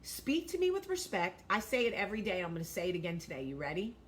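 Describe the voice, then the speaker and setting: A woman in her forties hosting a vlog, giving blunt, profane, animated advice talk. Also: fairly low pitch, quick pace, a little hiss or hum. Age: 40s. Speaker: vlog host.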